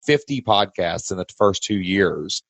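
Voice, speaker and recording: A man with a Kentucky Southern accent, hosting a podcast and coaching a guest in an emphatic, energetic way. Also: deep voice, measured pace, breathy edge, no echo. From Southern United States. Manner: emphatic, energetic, pushes and challenges. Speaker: podcast host and business coach. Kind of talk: casual coaching chat.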